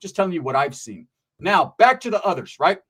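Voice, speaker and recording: A man's voice: high-pitched, very animated, a little fast, fairly bright tone, slightly rough. A man hosting a channel, telling casual stories about prison life in blunt, profane street slang and checking in often with "right?". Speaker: channel host and storyteller.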